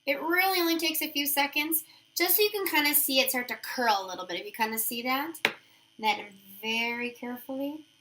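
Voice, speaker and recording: A woman's voice: high-pitched, a little fast, bright, forceful tone, slight background noise. A woman giving a chatty, upbeat how-to demonstration of nail wraps, talking her steps through as she works. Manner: chatty, upbeat, thinks aloud while working.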